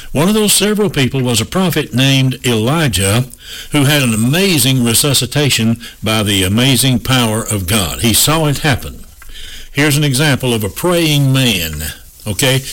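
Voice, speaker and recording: A man teaching from the Bible on a radio broadcast, slow and emphatic with folksy asides. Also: medium pitch, a bit bright, low-quality recording. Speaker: radio preacher.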